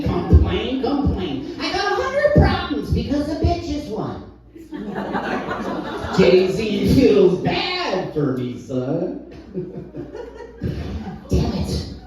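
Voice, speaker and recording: A woman performing stand-up as a crude, henpecked middle-aged husband who complains about his wife, delivering deadpan punchlines and chuckling at her own jokes. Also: medium pitch. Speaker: stand-up comic. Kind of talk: stand-up comedy set. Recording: echoey room from far off, music behind.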